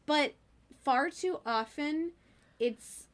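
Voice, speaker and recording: Woman cohost, kinda high voice, laughs a lot while recapping stuff. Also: drawn-out words. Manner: giggly, animated retelling with frequent laughs. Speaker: podcast co-host. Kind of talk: casual book discussion chat.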